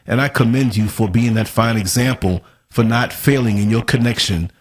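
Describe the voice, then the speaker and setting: A man's voice: mid-range voice, moderate pace. A man talking earnestly as a guest on a talk show, affirming the host. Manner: earnest, affirming, gives short agreements. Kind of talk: casual chat.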